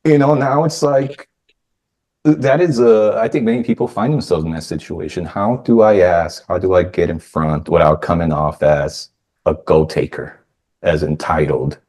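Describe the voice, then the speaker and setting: A man's voice: fairly low pitch, a little slow, a little mellow. A man hosting a podcast, chatting casually and telling stories, often acting out what others said. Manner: chatty storyteller who acts out quoted voices. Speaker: podcast host. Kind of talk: casual conversation.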